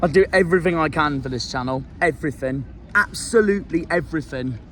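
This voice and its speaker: A man's voice: on the high side, fast, a bit bright, slight background noise. A man, a football fan vlogger ranting outdoors by a marina, angry and despondent, with swearing. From South West England. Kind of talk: fan rant vlog.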